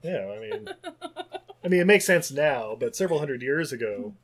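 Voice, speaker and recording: A man's voice: on the high side, lively intonation, moderate pace, a loud crowd. A man co-hosting a podcast, recapping a movie in rambling, casual chat full of fillers. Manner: rambling, filler-heavy storytelling. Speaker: podcast co-host.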